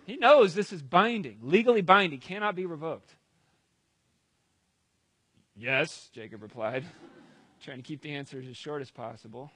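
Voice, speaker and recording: A preacher with a slightly high voice retells a scripture story in a loose, conversational way, dropping casual asides as he goes. The sound is dry and close. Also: lively intonation, moderate pace, a bit bright, slightly rough, dry recording. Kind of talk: storytelling sermon.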